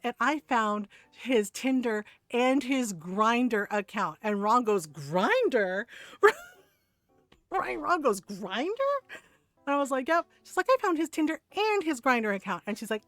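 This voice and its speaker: A woman streamer telling a story in casual chat, animated, retelling others' words and checking in with her listeners. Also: fairly high pitch, no echo. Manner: animated storyteller, retells others in quotes, keeps asking "right?".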